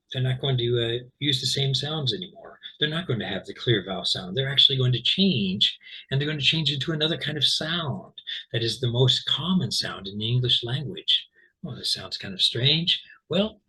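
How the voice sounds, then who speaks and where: The recording is low quality, carrying a man's sharp, slightly rough voice that sits on the low side. He patiently teaches English pronunciation in an informal online lesson, rambling with fillers and restarts and checking in with "okay?".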